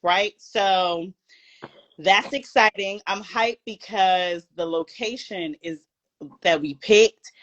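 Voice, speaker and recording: A woman's voice: mid-range voice, slow pace, a bit bright, muffled recording. Hyped Brooklyn-born woman co-host. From Brooklyn, New York. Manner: hyped, playful bragging. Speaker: podcast co-host. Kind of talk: casual live-stream chat.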